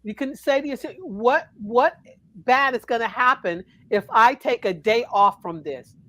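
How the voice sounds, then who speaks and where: A woman from Connecticut, a minister, giving earnest counsel in a calm, preacherly way on a talk show. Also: a little high, unhurried. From Connecticut, USA.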